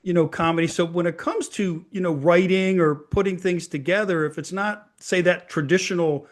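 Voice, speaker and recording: Male interview host, higher pitch, chatty and rambling, quick to laugh. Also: steady tone. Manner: rambling, repeats words, laughs often. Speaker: podcast host. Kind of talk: casual interview chat.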